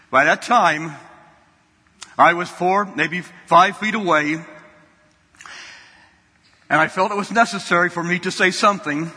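A man's voice: sits high, a little slow, long pauses, bright, forceful tone, slightly rough. A man preaching a sermon, telling a folksy story and often repeating his words. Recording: long hall reverb.

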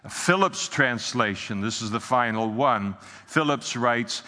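A man's voice: medium pitch, takes it slowly, hardly any pauses, pushed and bright, long reverb tail. A man preaching a sermon in an earnest way, with many filler sounds and restarts. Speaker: pastor.

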